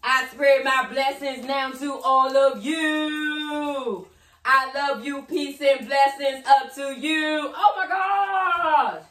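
A woman's voice: high-pitched, steady tone, takes it slowly, fairly bright tone. A woman giving a casual tarot reading, blunt and profane, who often slips into sing-song chanting. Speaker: tarot reader. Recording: roomy echo, set back from the mic.

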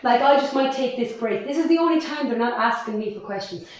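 A woman's voice: fairly high pitch, fairly quick. An Irish woman leading a live-streamed workout class from home. She cheers people on and counts down. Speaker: fitness instructor. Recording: echoey room.

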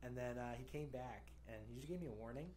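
A man's voice: medium pitch, quick pace, a little mellow, slight background noise. A young man in casual podcast chat, telling a story in a loose, rambling way with plenty of fillers. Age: young adult. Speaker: podcast co-host.

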